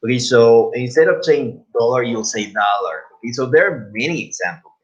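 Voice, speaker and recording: Halting Spanish-accented man teaching. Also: medium pitch. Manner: halting, repeats words, many fillers. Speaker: English pronunciation teacher. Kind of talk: live class instruction. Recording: dull lo-fi recording.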